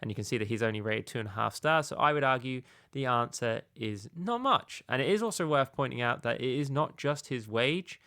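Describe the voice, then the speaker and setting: A man's voice: mid-range voice, expressive, fairly quick, few pauses, pushed and bright, no echo, studio quality. A man hosting a casual video game tutorial, talking in a rambling, conversational way with frequent filler phrases.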